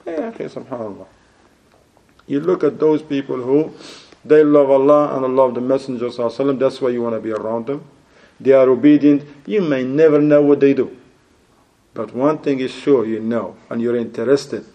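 A man delivers a religious lecture in a warm, mellow voice at a middle pitch. He exhorts his listeners and challenges them with pointed rhetorical questions. His speech is peppered with Arabic religious phrases. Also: fairly even intonation, a little fast. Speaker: Islamic preacher.

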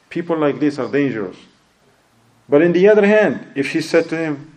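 A man's voice: a little high, moderate pace, warm tone, poor audio. A man giving a sermon who acts out quoted people and mixes in Arabic phrases. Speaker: preacher.

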